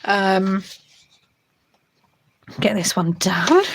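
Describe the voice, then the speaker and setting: A woman's voice: mid-range voice, normal speed, noisy background. A young woman hosting a budgeting channel, chatting casually to camera in a rambling way with many fillers and restarts.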